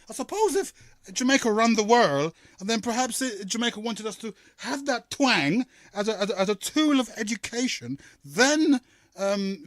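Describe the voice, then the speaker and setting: A man from hosting a call-in radio talk show, rambling and halting with many fillers. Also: high-pitched, no room sound, clean studio sound.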